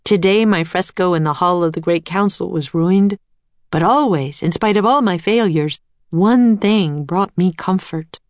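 A woman voicing a heartbroken older male inventor, speaking quietly and wearily in a storybook reading. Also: measured pace, dry recording, lightly acted. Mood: sorrowful. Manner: quiet, weary and low.

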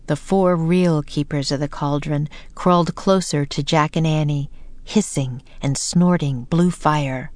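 Woman slowly narrating a children's audiobook. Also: deep voice, steady tone, darkish tone, no echo.

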